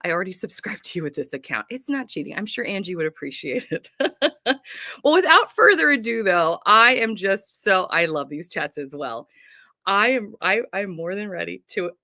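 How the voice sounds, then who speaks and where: A woman's voice: mid-range voice, sing-song, moderate pace, sharp tone, no echo, clean studio sound. A woman from North Carolina hosting a livestream book chat, bubbly and gushing, laughing often. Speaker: host. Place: home.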